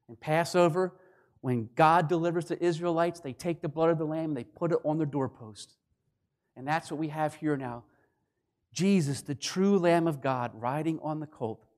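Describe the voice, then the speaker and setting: Emphatic male preacher, slightly high voice. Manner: emphatic, swinging between loud declarations and hushed lines. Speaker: pastor. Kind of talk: sermon.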